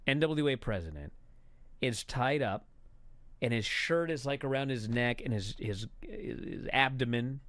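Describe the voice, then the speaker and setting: A man telling a story as a profane, exasperated rant that builds to shouting. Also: medium pitch, dry recording. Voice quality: animated storyteller. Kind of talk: comedic rant.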